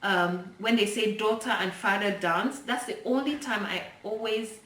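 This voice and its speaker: A young woman tells a personal story to the camera in a loose, rambling way, full of fillers and restarts. Her voice sits at an ordinary middle pitch. It sounds roomy and a little distant from the mic, with faint noise behind her. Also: measured pace, a bit bright. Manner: chatty, digressive, many fillers and restarts. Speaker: vlogger. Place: indoor room, filmed by a helper.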